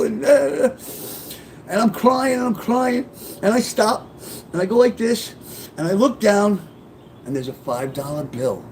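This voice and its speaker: A man's voice: a little high, darkish tone, a little hiss or hum. A middle-aged man telling a personal testimony, rambling, swearing and breaking into tearful outbursts. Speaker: author telling his life story.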